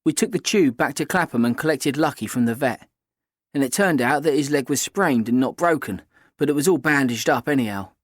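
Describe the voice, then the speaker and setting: A man reads a first-person novel aloud at a middle pitch. His manner is even and story-minded. The recording is dry and close. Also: fairly quick, no room sound. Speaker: audiobook narrator. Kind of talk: scripted first-person narration.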